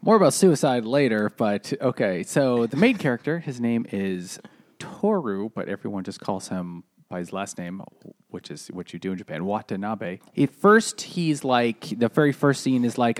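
A man's voice: mid-range voice, expressive, moderate pace. A man co-hosting a casual chat over beers, chatty and summarizing with hesitant restarts. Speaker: podcast co-host.

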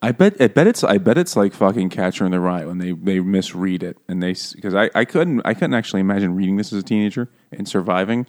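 Low-voiced man, joking podcast co-host, quick to laugh, casual book talk. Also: animated. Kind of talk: casual book-club chat.

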